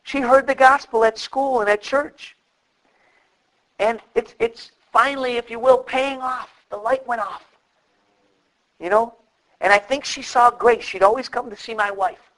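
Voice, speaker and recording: Middle-aged man, pastor type. Higher-pitched voice, animated preaching, dramatizes quotes. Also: measured pace, long pauses, poor audio. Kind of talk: sermon.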